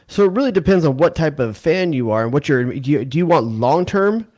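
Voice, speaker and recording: A man's voice: a little high, animated, a little fast, a little mellow. A man co-hosting a soccer podcast, talking casually and with slang, often stammering and repeating words. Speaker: podcast co-host. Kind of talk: casual sports debate.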